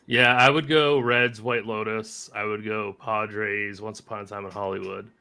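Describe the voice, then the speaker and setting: A man co-hosting a casual sports betting chat, giving quick, upbeat picks. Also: on the low side, flat delivery, gravelly, sharp tone, clean tone. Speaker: co-host.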